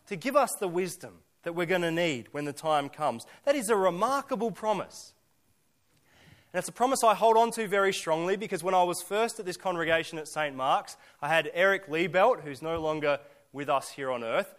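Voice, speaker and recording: A pastor preaching a sermon, earnest, with slow emphatic lists and rhetorical questions. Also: male voice, high-pitched, fairly bright tone.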